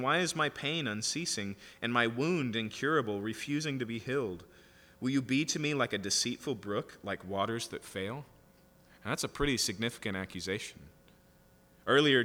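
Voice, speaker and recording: Bright-voiced man preaching in a reverberant hall. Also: medium pitch. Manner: reads scripture aloud and paraphrases it conversationally, with frequent "right?" asides. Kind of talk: sermon, Bible teaching.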